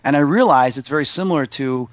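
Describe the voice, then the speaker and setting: A man's voice: fast talker, no echo, highs cut off. A man, a psychic medium, chatting in an interview and acting out the voices in his stories. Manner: animated storyteller, acts out quotes in a higher voice. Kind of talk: casual interview chat.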